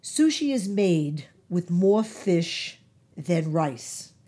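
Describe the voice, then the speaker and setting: Woman, husky, mellow and low, emphatic nutrition talk, lots of fillers. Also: sing-song, very slow. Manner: emphatic, repeats key words, many fillers. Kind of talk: informal health talk.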